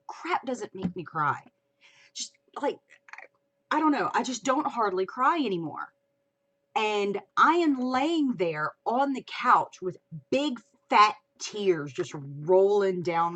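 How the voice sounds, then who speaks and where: A woman hosting a casual livestream chat, chatty and expressive, swearing casually. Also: mid-range voice. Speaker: livestream host. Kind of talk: casual chat about fan fiction.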